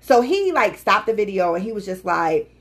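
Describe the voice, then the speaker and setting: A woman's voice: mid-range voice, moderate pace. A woman co-hosting a casual podcast chat, telling stories animatedly and acting out what others said. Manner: animated storyteller, quotes people in playful voices. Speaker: podcast co-host.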